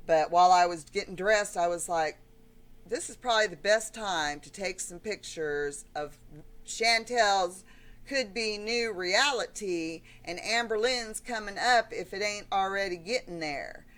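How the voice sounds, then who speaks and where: A woman's voice: medium pitch, a little slow, a bit bright. A middle-aged woman ranting in a blunt, emotional, rambling vlog monologue. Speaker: vlogger.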